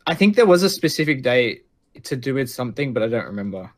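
A man's voice: mid-range voice, big pitch swings, quick pace. Earnest man explaining. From Australia. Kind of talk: casual chat.

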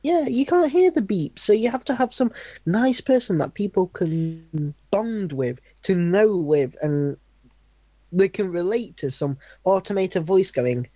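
A man's voice: high voice, animated, warm tone, dry recording. Young man laughing through a story. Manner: laughs often, halting storytelling. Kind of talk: casual chat.

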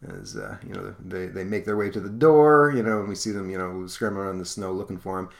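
A man's voice: sits low, quick pace, vocal fry. A man casually chatting about an old comic book as podcast host, rambling with lots of fillers.

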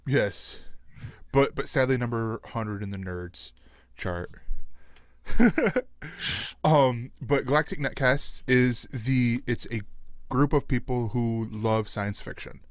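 A male podcast host in loose, casual chat, rambling and quick to laugh. His voice sits at a middle pitch. The recording is dry and close. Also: no room sound.

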